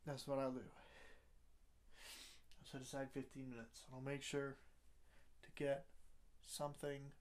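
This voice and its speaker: A man's voice: medium pitch, monotone, a little slow, long pauses. A man talking casually in a rambling, self-deprecating video diary with many fillers, sounding congested, recorded in a car. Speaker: vlogger.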